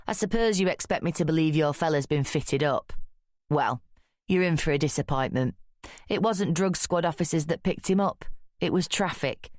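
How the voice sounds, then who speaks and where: Woman voicing a male detective, Yorkshire accent, burly, scathing, leering, low-pitched. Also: a little mellow, dry recording, studio quality, natural voice. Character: burly gruff male drug squad detective.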